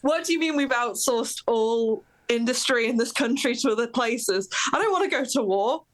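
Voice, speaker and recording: A woman's voice: on the high side, expressive, normal speed, close to an everyday voice, rough recording. A woman playing a chirpy 1950s poster girl.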